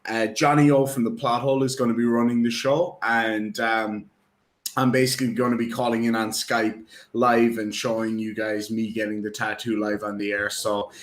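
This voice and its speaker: A man's voice: on the low side, little pitch movement, normal speed. A man in casual live-stream chat, rambling and joking with lots of ums and uhs. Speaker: guest. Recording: roomy echo.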